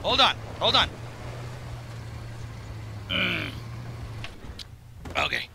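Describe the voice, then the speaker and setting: A man with a raw, strained voice giving rambling, excitable commentary over a video game he is playing. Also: high voice, moderate pace, slight background noise, poor audio. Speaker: gaming commentator. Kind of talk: casual gameplay commentary.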